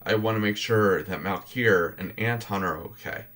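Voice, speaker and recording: A man playing his character in a tabletop game, speaking in a halting, hesitant way with many restarts. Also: lowish voice, fairly bright tone. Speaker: player. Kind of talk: in-character tabletop role-play.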